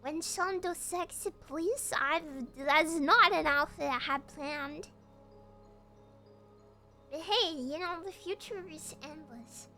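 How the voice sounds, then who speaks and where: Bright, high, animated young woman streamer. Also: takes it slowly, soft background music. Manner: playful, giggly, reacting to chat. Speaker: VTuber streamer. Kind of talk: casual stream chat.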